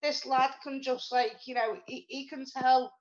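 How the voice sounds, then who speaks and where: A woman co-hosting a live online chat show, talking in a chatty, rambling, excitable way. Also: sits high, a little slow, a little hiss or hum. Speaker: show co-host. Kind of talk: casual live-stream chat. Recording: dull lo-fi stream audio.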